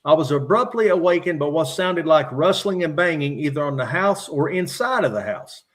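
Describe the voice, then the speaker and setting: A middle-aged man from Virginia, a podcast guest calmly recounting his own encounters from his notes with frequent "uh" fillers. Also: a little high. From West Virginia. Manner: measured, matter-of-fact retelling with frequent "uh" fillers. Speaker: podcast guest, former state trooper.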